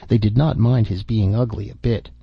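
A man narrating a classic fairy tale in a measured, even reading. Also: on the low side, vocal fry, slightly rough, no echo. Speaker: audiobook narrator. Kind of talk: storybook narration. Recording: dull, dry lo-fi recording.

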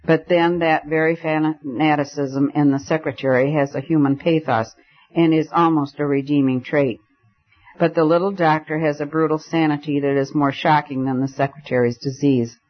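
A man's voice: fairly high pitch, fairly even intonation, normal speed, lightly acted. A man reading as a stern, anxious old professor. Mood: grave, urgent. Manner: earnest, urgent, stern. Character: grave, anxious older male professor, stern mentor. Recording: dull lo-fi recording.

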